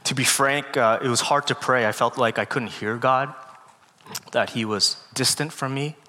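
A man giving a guest sermon, telling a personal story in an earnest, halting way with many fillers, close to tears. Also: medium pitch, steady tone. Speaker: guest speaker. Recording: long hall reverb with loud music.

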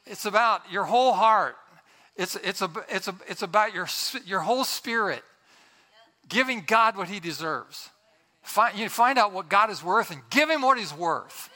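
A middle-aged man preaching, telling a funny church story in an animated way, laughing as he goes. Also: high voice. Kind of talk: sermon with a humorous story.

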